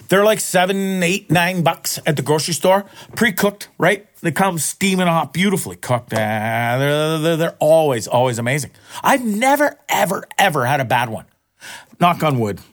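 A man in an off-the-cuff rant that rambles and doubles back on its words. He swears freely, and his voice jumps upward whenever he gets worked up. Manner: excitable, jumps up in pitch when worked up. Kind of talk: casual profane rant to camera.

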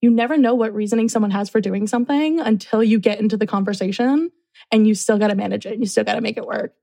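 A woman who works in university residence life, telling a story casually and acting out what people said in lively voices. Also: medium pitch, fast, creaky. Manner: animated, acts out quotes.

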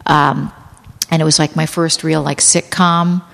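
A woman actress and podcast guest with a lowish voice tells blunt, profane, self-deprecating stories, full of "like" and restarts. A long reverb trails each phrase. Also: little pitch movement, unhurried, vocal fry, fairly bright tone. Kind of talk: candid podcast storytelling.

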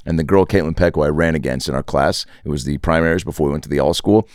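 A man's voice: a bass voice, fast talker, a little mellow, no room sound, clean studio sound. A man hosting a casual comedic chat, jokey and swearing freely, putting on voices for stories. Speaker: podcast host.

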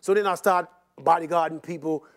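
An older man telling stories about his life in an interview, animated and rambling, repeating words and often laughing. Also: a little high, brisk. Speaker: interview guest. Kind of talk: personal storytelling in an interview.

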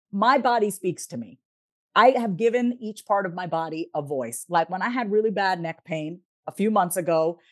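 A woman guest on a podcast, speaking in a reflective, measured way as she explains her ideas. Her voice sits at a middle pitch for a woman. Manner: reflective, explains in a steady teaching way. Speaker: podcast guest, therapist and author. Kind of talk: casual interview talk.

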